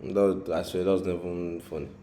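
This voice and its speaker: A man's voice: sits low, level tone, quick pace, dark tone. A man from Africa co-hosting a reaction video, bantering and teasing. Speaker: reaction channel co-host. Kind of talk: casual reaction chat. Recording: echoey room.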